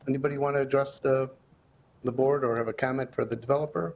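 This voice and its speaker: A man's voice: medium pitch, quick pace, creaky, a little hiss or hum. Man moderating a village meeting. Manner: calm, plain, inviting speakers up.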